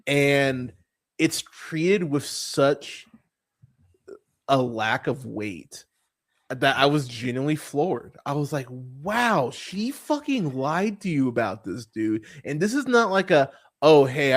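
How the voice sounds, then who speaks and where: A man's voice: mid-range voice, sing-song, slow. Exasperated, swearing male podcast host. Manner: exasperated, swearing, many fillers and restarts. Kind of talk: casual movie review rant.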